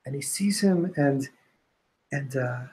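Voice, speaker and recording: A man teaching an informal Talmud class, retelling a story with lively restarts and Hebrew and Aramaic quotes. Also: medium pitch, takes it slowly, slight background noise, poor audio. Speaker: Torah teacher.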